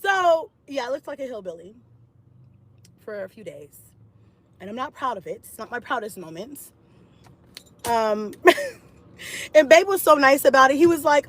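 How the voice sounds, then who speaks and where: A woman telling a personal story to her camera in a casual, animated way, with frequent swearing. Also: high-pitched, moderate pace, pauses often, rough recording. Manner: animated and profane, with laughs.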